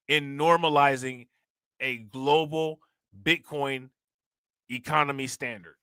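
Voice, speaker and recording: A man hosting a casual crypto livestream, chatting in relaxed slang, laughing often and thanking viewers for their comments. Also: on the high side, moderate pace, no echo, clean studio sound. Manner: laid-back slangy talk with frequent laughs. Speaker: crypto channel host.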